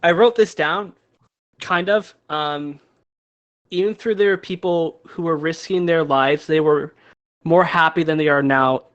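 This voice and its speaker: A man's voice: on the high side, a little slow, a bit bright, clean tone, lo-fi sound. A man co-hosting a podcast, chatting casually and agreeing often. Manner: chatty, agreeable, frequent yeahs. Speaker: podcast co-host. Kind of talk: casual chat.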